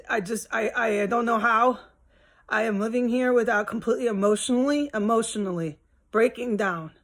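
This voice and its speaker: Exasperated woman ranting at home. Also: mid-range voice. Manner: rambling, exasperated, profane. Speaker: vlogger. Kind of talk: casual venting monologue.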